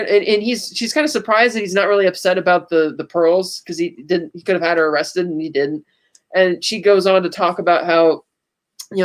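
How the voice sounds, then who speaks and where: A man's voice: high-pitched, fairly even intonation, brisk. A man co-hosting a podcast, chatting casually as he retells movie scenes and quotes their lines. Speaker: podcast co-host. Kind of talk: casual movie recap chat.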